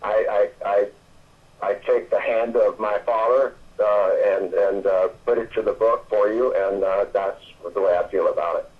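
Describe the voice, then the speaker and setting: An older man from Atlanta, Georgia, calling in as a guest and telling stories in a halting, rambling way with many restarts. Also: lowish voice, steady tone. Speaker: phone-in guest. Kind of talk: casual storytelling chat. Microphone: telephone. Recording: tinny phone line.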